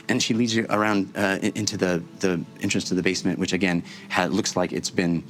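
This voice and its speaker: A man narrating a tabletop game as game master, descriptive and halting. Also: deep voice, flat delivery, fairly bright tone. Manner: halting, descriptive, many fillers and restarts.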